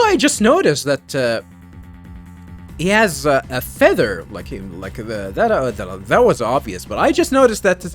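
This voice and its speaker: A man chatting casually over gameplay, amused and rambling, often restarting mid-sentence. He talks slowly, and his pitch bounces around. Faint music plays underneath. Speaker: let's play host.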